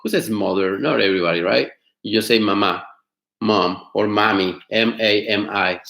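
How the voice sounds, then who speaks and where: A man teaching an online class, explaining words slowly, repeating them and asking his students questions. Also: fairly low pitch, creaky, fairly bright tone, echoey room. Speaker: Spanish teacher. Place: home studio.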